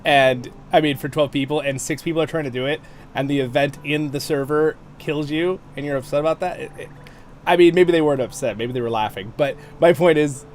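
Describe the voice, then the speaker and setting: A man's voice: a little high, fairly quick, a little mellow, a little hiss or hum. A man hosting a game livestream, chatting casually and playfully while he plays, often laughing. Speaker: game streamer and host. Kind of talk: casual gameplay commentary.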